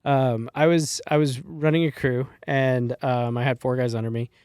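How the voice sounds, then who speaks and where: A middle-aged man spins casual stories as a podcast guest, loose and profane, with easy laughs. His voice sits at an ordinary pitch, recorded close and dry. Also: steady tone, normal speed, darkish tone, smooth, no echo. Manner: laid-back, swears freely, laughs while telling stories. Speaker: guest, former wildland firefighter.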